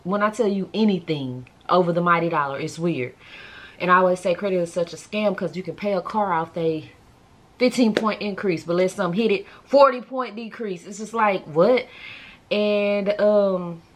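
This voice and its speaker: A woman's voice: medium pitch, moderate pace. A woman chatting casually to her viewers in a vlog, talking straight to camera. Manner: subdued and emotional. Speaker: vlogger.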